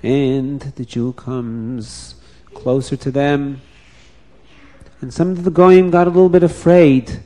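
A man telling a folk tale aloud, animated and repeating phrases, now and then restarting words. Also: mid-range voice, slow. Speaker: storyteller.

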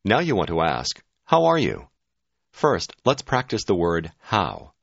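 A very deep male voice leads a language lesson, his pitch swinging widely as he prompts each phrase in a clear, measured way. The sound is dry and close, with a dull, lo-fi tone. It is scripted instructional narration. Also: wildly swooping pitch, fairly bright tone, dry recording. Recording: dull, dry studio audio.

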